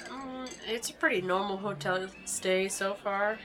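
A woman playing her character in a tabletop game, speaking casually with a playful, deadpan manner. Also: medium pitch, unhurried, soft background music. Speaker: player.

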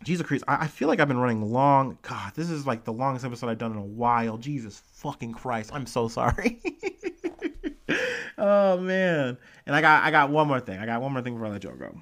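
A man's voice: medium pitch, expressive, brisk, fairly bright tone. A man hosting his own show, reading news articles and riffing on them in a casual, digressive, profane way with many fillers and restarts. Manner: profane, sassy asides.

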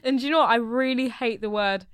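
A young woman, co-hosting a podcast in animated, slangy casual chat. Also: a little high, fast, heavy background noise. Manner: animated, swearing, slangy, laughing. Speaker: podcast co-host.

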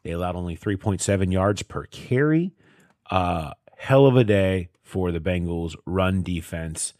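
With a low, darkish voice and measured pace, the sports reporter swaps stories on his co-hosted podcast, casual and filler-heavy, often laughing at his own anecdotes. The studio-quality audio has no room sound.

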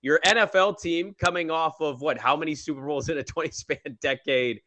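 A young man co-hosting a sports podcast, teasing and joking in casual, energetic chat. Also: fairly high pitch, fairly quick, slight background noise. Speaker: podcast co-host.

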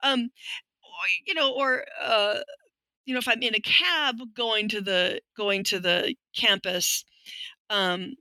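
A middle-aged woman talks as a guest in an interview, her voice bright and sharp. She tells her stories frankly and with dry wit. The sound is close and dry, with no room around it. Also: a little high, slow, no room sound, rough recording. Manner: frank, wry storytelling that acts out quoted voices. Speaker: guest, linguistics professor. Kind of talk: conversational interview.

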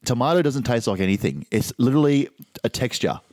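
A man's voice: medium pitch, sing-song, fast, a little mellow, dry recording. A young Australian man co-hosting a podcast, playful and argumentative in casual chat. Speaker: podcast co-host.

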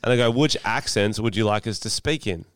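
A man's voice: on the low side, a little fast, smooth, no room sound. A young Australian man co-hosting a podcast, joking crudely in casual banter. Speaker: podcast co-host. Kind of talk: casual chat.

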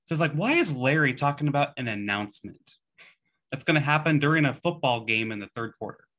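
A man's voice: medium pitch, lively intonation, quick pace, fairly bright tone. A man co-hosting a casual podcast, telling stories animatedly and acting out his own reactions. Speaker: podcast co-host. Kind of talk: casual chat.

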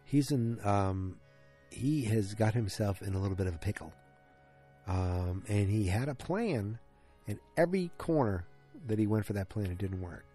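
This TV episode reviewer is a man whose fairly low, mellow voice is slightly rough, and he sounds animated at a normal speed. Recapping the episode alone, he wanders, starts sentences over and says um a lot, while quiet music plays faintly behind.

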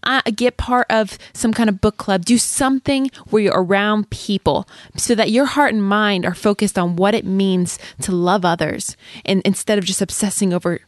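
A woman guest on a podcast, talking earnestly and quickly, speaking straight to listeners with encouragement. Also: medium pitch, steady tone, no room sound, studio quality. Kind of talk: heartfelt encouraging talk.

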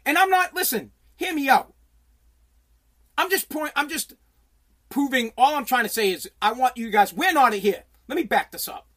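High-pitched, heated, profane sports ranter. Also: animated, normal speed, a bit bright. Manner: heated, profane, blunt, with frequent repeated restarts. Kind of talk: ranting sports commentary, reading viewer comments.

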